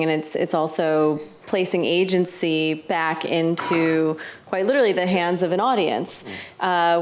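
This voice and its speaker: A woman's voice: fairly low pitch, slight background noise. A woman moderating a panel talk, thoughtful and hesitant, often saying "you know". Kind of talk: casual panel conversation. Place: gallery talk before a live audience.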